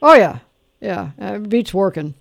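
A man hosting a call-in music quiz show on radio, telling stories and running the quiz with quick banter. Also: sits high, very animated, gravelly, dry recording. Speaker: radio host.

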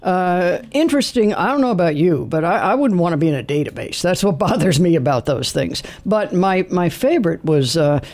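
A man's voice: high voice, lively intonation, fairly quick, few pauses, a little mellow. A man hosting a call-in radio show, chatty and easygoing, thinking aloud with fillers. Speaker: radio host.

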